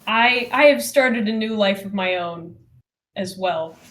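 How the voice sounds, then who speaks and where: A woman player chatting in and out of character at a tabletop game, rambling with deadpan jokes. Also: mid-range voice, measured pace.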